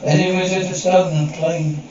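A man's voice: high-pitched, flat delivery, normal speed, very echoey, close to an everyday voice. A man speaking lines in a television drama scene, heard muffled and distant. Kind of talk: TV drama audio. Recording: muffled, distant TV audio with crowd noise.

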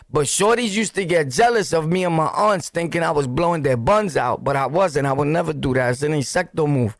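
Brooklyn dude podcasting, raspy fry, dry close sound, jumpy slangy storytelling. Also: male voice, a little high, brisk, hardly any pauses, dry recording. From Brooklyn, New York. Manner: animated, laughing, sound-effect interjections, street slang. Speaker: podcast host. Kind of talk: casual storytelling.

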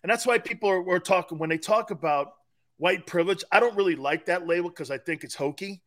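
Here a middle-aged sports radio co-host with a high voice talks briskly. He tells stories in a relaxed, foul-mouthed way, animated and often breaking into laughter.

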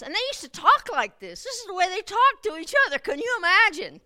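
Middle-aged woman preacher, high ringing voice, animated delivery that climbs to forceful emphasis. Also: brisk. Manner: animated, rising to emphatic outbursts, laughs at own asides. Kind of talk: sermon.

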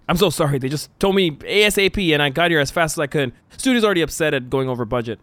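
A man voicing an obsessive male fan turned killer, stammering and fake-nervous at first, then shouting frantically. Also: fairly high pitch, expressive, rapid-fire, no echo, pitched above the performer's own voice.

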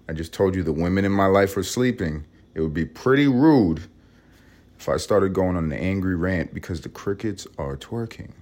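A man from Harlem with a vocal-fry voice, rambling casually and profanely in a room at home early in the morning. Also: a little mellow. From Harlem, New York. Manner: rambling, profane, low-key. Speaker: podcast host.

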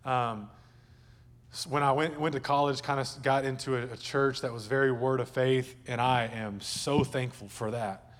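A man's voice: medium pitch, fairly even intonation, moderate pace, in a large hall. A male pastor preaching a sermon at a church service in a conversational, joking way, with asides to the congregation.

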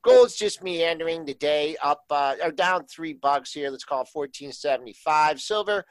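A man's voice: on the high side, normal speed, dry recording, low-quality recording. A man giving casual, rambling market commentary as co-host, full of fillers.

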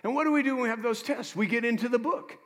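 A man preaching a sermon as pastor, with lively asides to the congregation. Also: very high-pitched, fast talker, long reverb tail.

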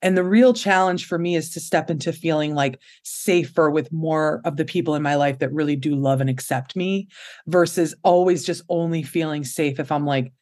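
A woman's voice: deep voice, steady tone, moderate pace, darkish tone. A woman hosting a podcast, speaking openly and reflectively in casual conversation. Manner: open and reflective, with short affirmations.

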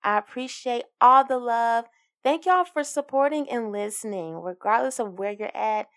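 Woman, twenties, slightly high voice, podcast host, upbeat, encouraging, giggly. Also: moderate pace, a bit bright. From Alabama, US. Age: 20s. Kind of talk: casual solo podcast monologue.

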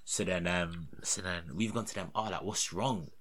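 A man's voice: low-pitched, normal speed, fairly bright tone. A young man, telling a story in casual, slangy, rambling podcast chat. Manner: rambling, slangy, often dropping to a mutter.

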